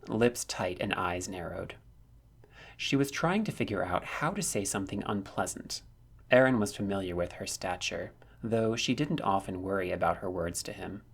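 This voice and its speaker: A man narrating a fan fiction story with steady storytelling. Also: lowish voice, breathy edge.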